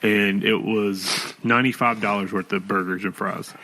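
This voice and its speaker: Low voice dude slowly telling a story on a podcast. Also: male voice, fairly even intonation, pushed and bright, a little hiss or hum, rough recording. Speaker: podcast co-host. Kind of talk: casual storytelling.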